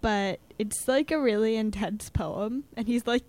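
A woman's voice: mid-range voice, takes it slowly, a little mellow. A young woman chatting casually as a student guest, with lots of fillers, acting out little quotes as she talks. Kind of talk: casual chat about poetry.

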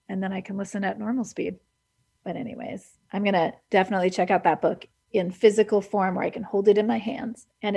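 A woman's voice: mid-range voice, creaky, mellow, slightly rough. A woman hosting a radio show, chatting casually and enthusiastically about books and laughing easily. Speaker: radio host. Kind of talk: casual book chat on radio.

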